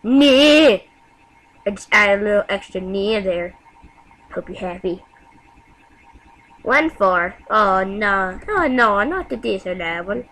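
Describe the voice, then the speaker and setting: A woman giving casual gameplay commentary, excitable and talking back to the game with frequent yelps and exclamations. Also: mid-range voice, poor audio. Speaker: gamer.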